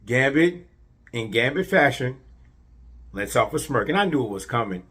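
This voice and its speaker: A man recapping a superhero episode in a casual, animated way, repeating words and filling gaps with fillers. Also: mid-range voice, normal speed. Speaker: show reviewer.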